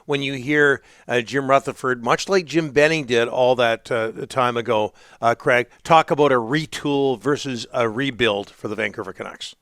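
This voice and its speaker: A man's voice: mid-range voice, normal speed, hardly any pauses, a bit bright, no echo, clean studio sound. Conversational male radio co-host. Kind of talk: sports radio interview.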